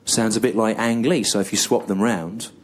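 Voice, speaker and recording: A low-voiced English man in his thirties doing stand-up. He drags out his story in a slow, halting deadpan, circling back over the same lines. The recording carries heavy background noise. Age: 30s. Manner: slow, halting deadpan delivery with long pauses and repetition. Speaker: stand-up comedian. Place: comedy venue on stage with audience laughter.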